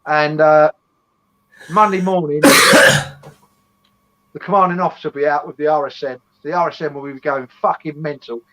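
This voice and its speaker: Fairly high-voiced, foul-mouthed English man. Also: steady tone, normal speed, pauses often, bright, forceful tone, low-quality recording. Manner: swearing, blunt barracks banter. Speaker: co-host. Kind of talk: casual chat.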